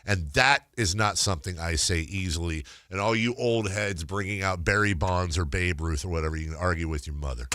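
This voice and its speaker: A man hosting a sports talk radio show, bantering with a sarcastic, jokey manner and sudden loud outbursts. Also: deep voice, fairly quick, few pauses, dry recording. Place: radio studio. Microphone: studio microphone.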